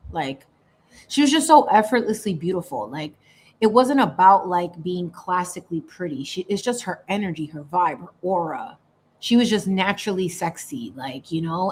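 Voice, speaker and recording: A woman's voice: lowish voice, slightly rough. Chatty woman livestreamer. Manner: chatty and animated, slipping into Spanish phrases, laughing often. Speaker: livestream host. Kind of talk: casual livestream chat.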